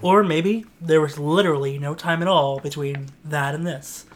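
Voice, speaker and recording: A man's voice: on the high side, steady tone, normal speed, a little hiss or hum. A man co-hosting a podcast, chatting casually and reading a story aloud in a rambling, self-mocking way. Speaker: podcast co-host and reader.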